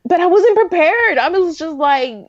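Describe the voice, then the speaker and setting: A woman in her forties, a podcast host telling stories in a rambling, excitable way, full of restarts. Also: extremely high pitch, normal speed, no echo, highs cut off. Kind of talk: casual chat.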